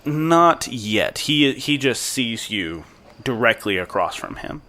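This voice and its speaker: A man's voice: mid-range voice, very animated, slow pace, sharp tone. A man narrating as game master of a tabletop role-playing game, describing scenes in an easygoing, descriptive way.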